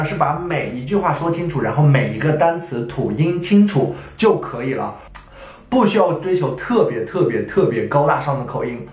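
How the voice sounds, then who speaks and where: A man's voice: on the high side, darkish tone. A man hosting a vlog, narrating in an encouraging, advising way, recorded in an echoey room. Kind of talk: voice-over commentary.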